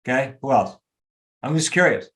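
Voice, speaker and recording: A man's voice: mid-range voice, lively intonation, fairly bright tone. A man leads a group coaching call over video in a mid-range voice. He talks emphatically and pushes his listeners with motivational energy. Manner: emphatic, motivational, rapid asides. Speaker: real estate coach.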